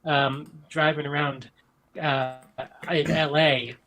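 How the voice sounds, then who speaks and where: A man's voice: fairly high pitch, little pitch movement, slow pace, pushed and bright, poor audio. A man in casual podcast chat, talking enthusiastically and rambling with many ums, from an upstairs room in his mother's house. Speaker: podcast guest.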